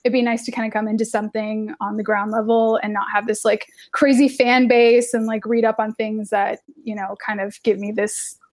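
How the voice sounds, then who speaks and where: A young woman with a slightly high voice talks loosely on a podcast. She leans on filler words and breaks into laughter often. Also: flat delivery, moderate pace, few pauses. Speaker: podcast co-host. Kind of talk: casual chat.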